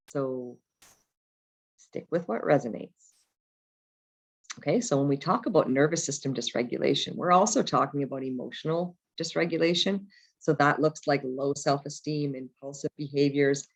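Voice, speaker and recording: Woman therapist talking through slides, gravelly and conversational, lo-fi sound. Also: low-pitched. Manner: chatty, asks "right?" often. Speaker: trauma therapist. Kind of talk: casual recorded presentation over slides. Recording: dull lo-fi recording.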